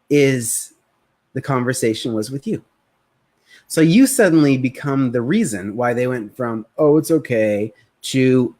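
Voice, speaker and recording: Energetic male sales coach on a live stream. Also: mid-range voice. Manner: energetic, conversational, acts out prospects' voices.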